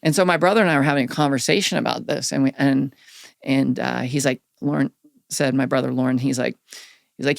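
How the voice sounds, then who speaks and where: A middle-aged man, a guest on a podcast, candidly telling personal stories in an earnest, animated way. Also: mid-range voice, fairly quick, gravelly, no room sound, clean studio sound. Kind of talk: reflective storytelling in a podcast interview.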